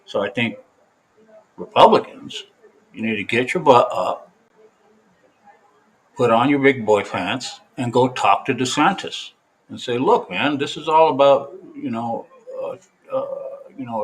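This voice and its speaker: A man's voice: medium pitch, expressive, a little slow, long pauses, husky, rough recording. A man giving a casual, opinionated video update, rambling with fillers and restarts.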